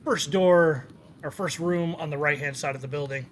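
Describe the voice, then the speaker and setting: A man's voice: fairly high pitch, normal speed, slight background noise. A man narrating as game master of a tabletop role-play, casual and amused with many fillers.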